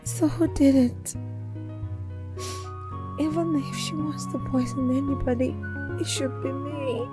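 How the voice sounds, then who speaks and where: A scared mom's inner thoughts, high slow hushed voice, music under it. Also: female voice, steady tone. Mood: anxious. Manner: hushed, questioning. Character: frightened mother thinking to herself. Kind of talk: inner monologue voice-over. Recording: voice-over under film music.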